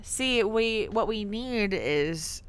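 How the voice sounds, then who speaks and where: A woman hosting a podcast, chatting casually in an animated, playful way with frequent restarts. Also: medium pitch, clean tone. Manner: animated, quick restarts, playful sing-along bits. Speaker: podcast host. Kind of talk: casual chat.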